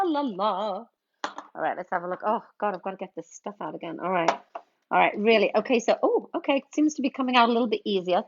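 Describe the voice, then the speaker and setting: Chatty woman hosting a lo-fi drinks livestream. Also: mid-range voice. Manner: chatty, playful, reads out viewer names. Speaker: livestream bartender host. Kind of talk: casual livestream chat while mixing drinks. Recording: dull lo-fi stream audio.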